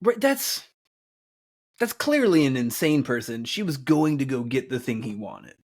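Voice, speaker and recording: A man's voice: mid-range voice, very animated, measured pace. Man, podcast co-host, casual chat, easygoing, frequent laughter.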